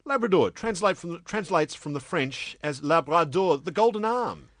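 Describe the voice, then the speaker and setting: Male host, lively pitch, dry close mic, curious questioner. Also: normal speed, no echo. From Australia. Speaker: radio interviewer. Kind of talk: casual interview talk.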